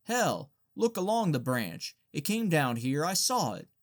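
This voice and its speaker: A man's voice: fairly high pitch, very animated, a little slow. A man voicing an impatient golfer who demands answers in short, curt questions, in an audiobook reading. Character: impatient white golfer man hunting a ball.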